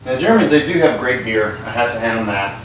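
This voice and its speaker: A man's voice: medium pitch, animated, a little fast, fairly bright tone. A man rambles and curses his way through a comic home cooking show, tipsy and loose. He sounds set back from the mic, with a strong echo off the hard kitchen walls and a faint hiss underneath. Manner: rambling, profane, tipsy banter while cooking. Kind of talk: comedic cooking vlog. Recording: very echoey kitchen, far from mic.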